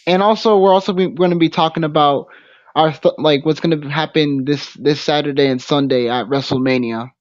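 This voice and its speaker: A man hosting a casual live stream. He talks haltingly, stopping and restarting his sentences often. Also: fairly high pitch, steady tone, no echo. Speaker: stream host. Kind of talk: casual livestream chat. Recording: dull lo-fi stream audio.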